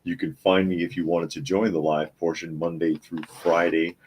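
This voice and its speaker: A man's voice: deep voice, level tone, moderate pace, darkish tone, slight background noise. A man hosting a live news talk podcast from his home office, chatting casually and reading headlines aloud with his own comments. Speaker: podcast host.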